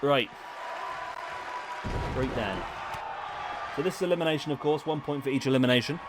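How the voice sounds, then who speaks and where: A man in his thirties talks casually over a live stream of a wrestling game, chatting with his viewers in a mid-pitched voice. A game crowd roars clearly in the background, with steady noise mixed under his voice. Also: normal speed. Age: 30s. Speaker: gaming streamer.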